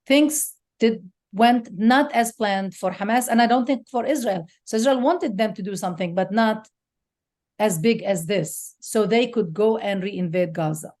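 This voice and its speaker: A woman's voice: mid-range voice, unhurried, darkish tone. A woman guest speaker at a forum, talking in an outspoken, emotional and passionate way. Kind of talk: impassioned panel talk.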